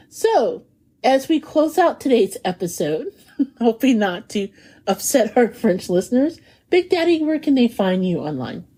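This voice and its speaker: A woman hosting a food podcast in casual chat, lively, laughing often and lingering over food descriptions. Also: on the high side, unhurried, pauses often, slightly rough. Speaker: podcast host.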